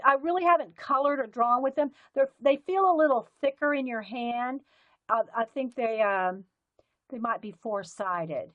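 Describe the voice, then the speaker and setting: A rambling, chatty woman with a lilt and a fairly high voice, talking to her live-stream viewers from her desk at home. She laughs easily and picks up the camera mic's close, homey sound. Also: a bit bright, no echo. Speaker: livestream host.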